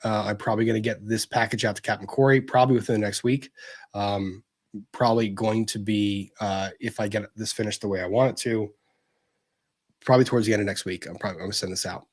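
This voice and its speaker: Guy streaming, reading chat out loud, kinda husky, lowish voice, easygoing and gentle. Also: fairly even intonation, quick pace. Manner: chatty, gentle, with many fillers and restarts. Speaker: livestream host reading viewer messages. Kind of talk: casual livestream chat.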